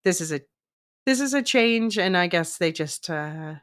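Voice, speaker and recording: A woman's voice: fairly low pitch, a little slow, dry recording, studio quality. A woman hosting a podcast, casually recapping a TV episode and laughing often between points. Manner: chatty, laughs often, recaps plot at a steady clip. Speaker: podcast host.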